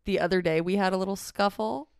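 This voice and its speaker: A young adult woman co-hosting a podcast, telling a personal story in a relaxed, earnest way. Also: medium pitch, quick pace, creaky, smooth, no echo, clean studio sound. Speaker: podcast co-host. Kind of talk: casual chat.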